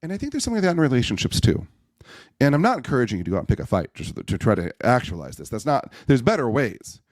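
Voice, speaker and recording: A man, a podcast guest, telling personal stories in an animated way and acting out the voices in them. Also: mid-range voice, racing, no room sound, studio quality. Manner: animated storyteller, acts out voices in anecdotes. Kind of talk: storytelling in a podcast conversation.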